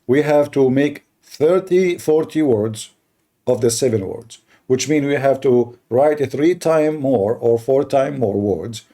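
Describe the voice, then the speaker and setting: A man hosting a heated live-stream debate, mocking and combative, speaking as a with halting restarts. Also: mid-range voice, warm tone. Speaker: livestream debate host.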